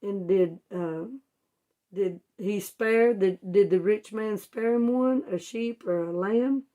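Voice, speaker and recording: A woman's voice: medium pitch, takes it slowly, mellow. A woman teaching children a Bible story in homespun, informal words, asking them questions and answering them herself. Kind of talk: storytelling Bible lesson for kids.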